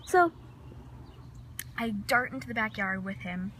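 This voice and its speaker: A teenage girl vlogging outdoors in her neighborhood, telling a rambling, excitable story into a handheld phone camera. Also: medium pitch, unhurried, a little hiss or hum. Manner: excitable, rambling, many restarts and fillers. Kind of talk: casual storytelling vlog.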